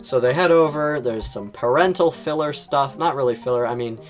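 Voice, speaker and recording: A man casually reviewing books on his channel, rambling, with lots of fillers and quick jumps in pitch. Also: soft background music. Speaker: book reviewer.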